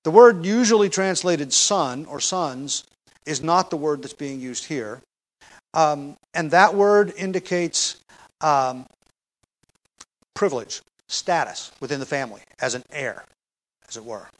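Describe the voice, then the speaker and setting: A middle-aged man preaches through a Bible passage in a conversational teaching voice that sits a little high for a man. He presses hard on key phrases, then eases back into plain explanation with the odd filler and restart. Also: animated, a little slow, low-quality recording. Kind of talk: expository sermon.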